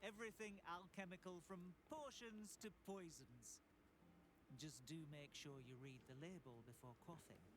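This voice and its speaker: A man's voice: on the high side, moderate pace, fairly bright tone, slight background noise, close to an everyday voice. An actor voicing a proud, refined male alchemy merchant in a video game, posh and self-satisfied. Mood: smug salesman. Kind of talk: video game character dialogue.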